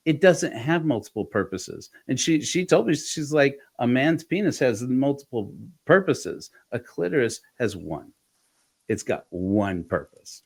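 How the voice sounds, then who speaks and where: A middle-aged man hosts a relaxed podcast conversation. He tells long anecdotes with energy and slips into the voices of the people he quotes. His voice sits at an ordinary pitch for a man. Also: unhurried. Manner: animated storyteller, acts out quoted voices. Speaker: podcast host.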